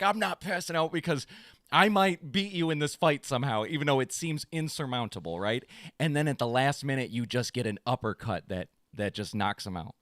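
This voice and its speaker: A man co-hosting a casual podcast, telling a long story in an animated way and acting out quotes in a raised voice. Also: mid-range voice, brisk, no echo, clean studio sound. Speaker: podcast co-host. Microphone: studio podcast mic.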